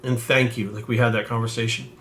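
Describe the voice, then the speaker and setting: A man's voice: medium pitch, flat delivery, fast talker, a bit bright, slight background noise. A man in his forties, a bodybuilding coach, telling a story to camera in a casual, rambling and swear-filled way that turns heartfelt.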